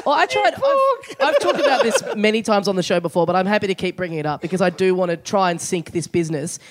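A podcast co-host telling stories in a wry, deadpan way during casual comedy chat. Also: medium pitch, quick pace.

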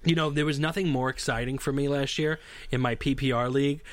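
A man's voice: medium pitch, steady tone, brisk, no echo. A man co-hosting a casual chat, joking and rambling through stories with many restarts.

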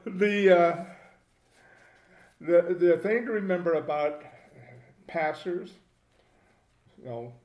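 A man co-hosting a casual podcast, with a slightly higher-than-average voice. He talks in a wry, relaxed way and pokes fun at himself. The room adds a noticeable echo. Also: takes it slowly, long pauses. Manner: wry, laid-back, self-deprecating. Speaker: podcast co-host. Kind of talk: casual chat.

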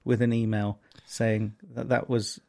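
Gravelly West Country podcast co-host. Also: male voice, mid-range voice, level tone, a little slow, a little mellow. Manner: dry, teasing, playful. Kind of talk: casual comedy podcast banter.

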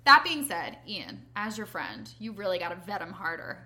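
A woman co-hosting a podcast in casual chat, animated and profane, laughing often. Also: on the low side, normal speed. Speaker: podcast co-host.

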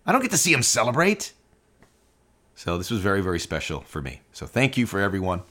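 A man hosting a soccer podcast, telling a heartfelt personal story with animated quoted dialogue. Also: on the low side, brisk. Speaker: podcast host.

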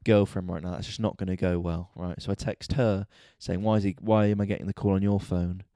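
Exasperated and animated, a stand-up comic who hosts a podcast rattles briskly through a story, swearing heavily in a casual rant. His voice sits fairly low and sounds soft and mellow, captured close up with no room sound at all.

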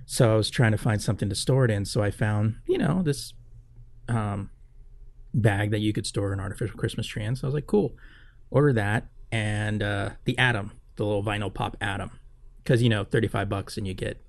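A podcast co-host tells a long, rambling story in casual chat, packed with fillers and swearing. His voice sits on the low side with vocal fry, runs a little fast, and has no room sound.

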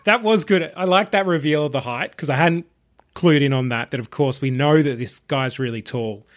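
A man's voice: fairly high pitch, moderate pace. A man hosting a casual podcast about a film and steering the discussion with questions. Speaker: podcast host.

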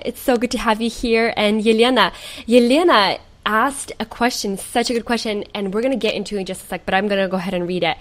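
Young ukrainian-born woman hosting a live stream, gushy, reads viewer comments. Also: mid-range voice. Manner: effusive, gushing praise. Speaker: host. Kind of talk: live show host reading viewer comments.

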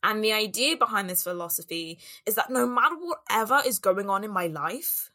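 A woman's voice: mid-range voice, animated, moderate pace, bright, forceful tone. A woman business coach giving an earnest, reflective solo talk on self-worth and voicing the doubts in people's heads.

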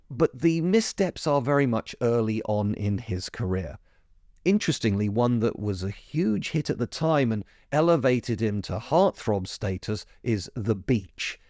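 A man's voice: darkish tone, no room sound. Male podcast host, film review monologue, chatty, self-correcting, mid-range voice, dry close sound. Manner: chatty, self-correcting, pitch jumps up when keen.

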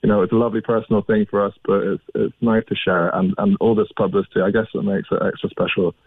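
A man's voice: lowish voice, level tone, fast talker. A man from Ireland with a mixed Irish and English accent, chatting in an easygoing, jokey way as a phone interview guest. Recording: tinny phone line.

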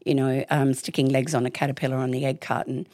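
A low-pitched middle-aged woman talks candidly and with emphasis. Her voice sits close and dry. She often slips into little acted voices to make her point. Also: little pitch movement, quick pace, darkish tone, no room sound. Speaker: parenting expert guest. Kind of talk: casual interview chat.

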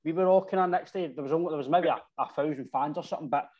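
A man's voice: fairly high pitch, very fast, dull audio. A Scottish man, a football supporter, telling rambling drinking stories in casual chat, full of slang and "right?". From Scotland.

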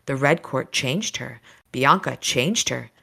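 A woman's voice: rumbling low, lively intonation, slow pace, creaky, sharp tone, breathy edge, exaggerated voice. A woman reading as a dazed, fearful young woman. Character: dazed, frightened young woman under a spell.

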